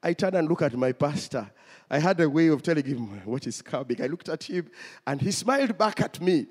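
A man's voice: a little high, lively intonation, brisk. A man preaching a testimony sermon, telling his story and speaking directly to the congregation. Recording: long hall reverb.

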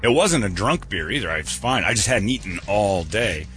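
A man's voice: on the low side, sing-song, fairly quick, a bit bright, faint music behind. A middle-aged man hosting a radio show, telling a rambling, self-mocking story in a casual joking way.

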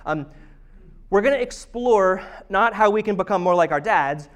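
A man in his thirties, a pastor, preaching a conversational, self-deprecating sermon with storytelling. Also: sits high. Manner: chatty, self-deprecating, humorous. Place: church service.

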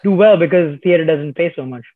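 A man's voice: fairly high pitch, brisk, no room sound. Man on a tinny phone-like line. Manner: encouraging, repeats and affirms the guest. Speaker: podcast host. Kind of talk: casual interview conversation.

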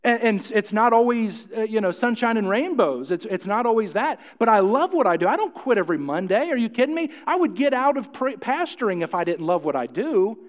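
A man's voice: high-pitched, big pitch swings, fairly quick, hardly any pauses. A middle-aged man preaching a sermon to his congregation, folksy and jokey, often repeating himself and putting questions to the room. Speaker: pastor. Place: church hall. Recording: muffled, with long hall reverb.

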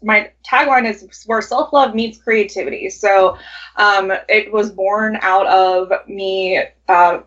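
A woman calling in as guest co-host, upbeat and quick to laugh. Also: medium pitch, fairly bright tone. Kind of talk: casual chat. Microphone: calling in remotely. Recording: dull call-in audio.

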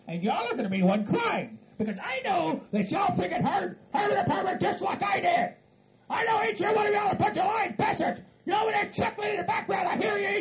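A man voicing a paranoid, furious hillbilly who yells curses nonstop in a raspy, screeching voice. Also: very high-pitched, pitched above the performer's own voice. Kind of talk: hobby comedy skit acting.

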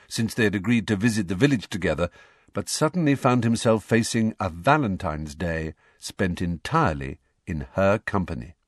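Guy reading a storybook aloud, lowish voice, lots of ups and downs, dry sound. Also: no room sound. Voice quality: expressive, measured. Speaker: audiobook reader.

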